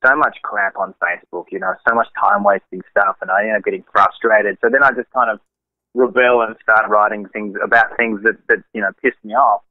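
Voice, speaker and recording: A man's voice: on the low side, fairly even intonation, a little fast, dry recording. A man from Australia with an Australian accent, a musician chatting casually as an interview guest over the phone. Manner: chatty, laughing easily, multitasking. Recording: tinny dry phone line.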